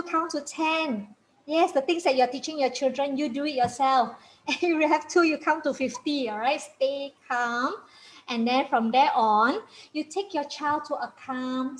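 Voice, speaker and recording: A woman's voice: high voice, slight background noise, low-quality recording. A woman coaching parents in a chatty, encouraging way, often laughing, repeating her points and checking in with "okay?". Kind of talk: informal parenting talk.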